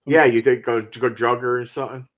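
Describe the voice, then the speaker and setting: A man chatting casually about a movie, animated and profane, often jumping in to finish the other speaker's thoughts. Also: medium pitch, a little fast. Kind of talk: casual movie recap chat.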